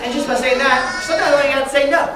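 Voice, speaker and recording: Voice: high voice, rapid-fire. An animal trainer presenting energetically to a library audience, calling out to the crowd and asking questions. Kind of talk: lively live presentation to children. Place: large indoor hall with an audience. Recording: echoey hall, distant mic, noisy crowd.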